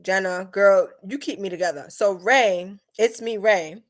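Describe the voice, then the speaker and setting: A young woman hosts a late-night live stream, chatting in a lively, animated way. Her voice sits at an average pitch, and she jumps between loud bursts and quiet asides. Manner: lively, chatty, quick mood swings, acts out her mom's lines. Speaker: live-stream host reading chat. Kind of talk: casual chat.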